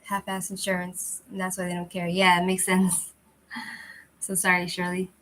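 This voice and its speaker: A woman's voice: fairly low pitch, completely flat delivery, normal speed, fairly bright tone, poor audio. Woman, casual livestream host, rambling, chatty, restarts a lot, lousy cheap microphone. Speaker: channel host chatting with viewers.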